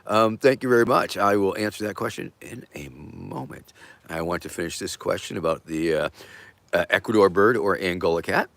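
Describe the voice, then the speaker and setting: A middle-aged man hosting a casual livestream, answering viewer questions in a rambling, halting way with many fillers and a playful joking humor. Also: low-pitched, vocal fry, fairly bright tone, dry recording. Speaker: host.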